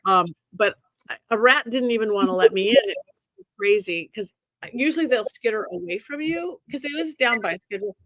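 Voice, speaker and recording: Woman medium as guest, lively storyteller who acts out the voices, dry close sound. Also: a little high, fairly quick, no echo. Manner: expressive, acts out quoted voices. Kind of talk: animated storytelling.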